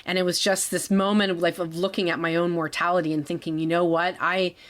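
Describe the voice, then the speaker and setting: Low-voiced woman recounting her story. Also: steady tone. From Canada. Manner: halting, with restarts and small laughs. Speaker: guest telling her story. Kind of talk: personal storytelling.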